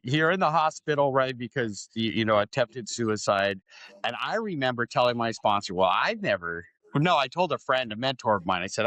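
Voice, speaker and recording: In this conversational interview, the middle-aged podcast host has a medium-pitched voice recorded without any room sound. He's a lively storyteller who performs the voices he quotes and keeps asking "right?"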